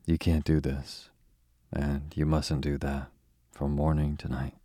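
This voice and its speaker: A man's voice: very deep voice, little pitch movement, slow, mellow, dry recording, clean studio sound, exaggerated voice. A man reading the lines of a sulky, rebellious young boy in a bedtime storybook, grumbling and resentful.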